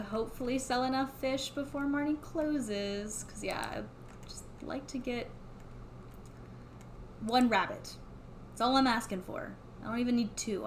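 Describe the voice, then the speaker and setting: A woman's voice: a little high, a little hiss or hum. A young woman streaming a farming game, chatting casually to herself and laughing often. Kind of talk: casual gameplay commentary.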